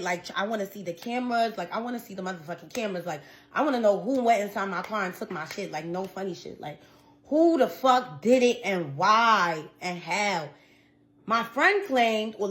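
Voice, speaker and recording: A young woman singer telling a story in a casual vlog, venting in a blunt, profane, slangy way. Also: fairly high pitch.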